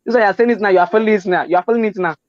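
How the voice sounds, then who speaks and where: A high-pitched Nigerian man hosts the chat, gushing and repeating himself as he slips into pidgin. The recording is dull and dry, with no room sound. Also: very fast, no echo. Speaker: interview host. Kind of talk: casual interview chat.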